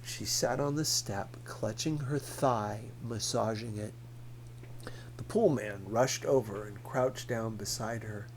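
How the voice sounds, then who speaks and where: Unhurried, expressive male narrator for an audiobook, faint hum in the recording. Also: medium pitch, poor audio. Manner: slow, lively storytelling. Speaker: audiobook reader.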